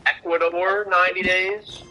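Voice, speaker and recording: A young man streaming a game, chatting casually, loud and excitable with plenty of swearing. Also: sits high, low-quality recording. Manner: loud, profane, excitable, quick to laugh. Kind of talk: casual chat while gaming.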